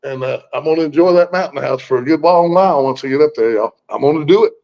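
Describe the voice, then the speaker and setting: A guest in his sixties tells a personal story in a blunt, folksy way, swearing freely and frequently restarting his sentences. His voice is a little high and darkish, and he talks fast. The recording is muffled and lo-fi.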